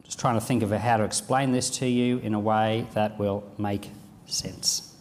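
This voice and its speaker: A man preaching a sermon, reading scripture aloud and acting out the lines of imagined speakers in an animated way. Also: lowish voice, moderate pace, long reverb tail.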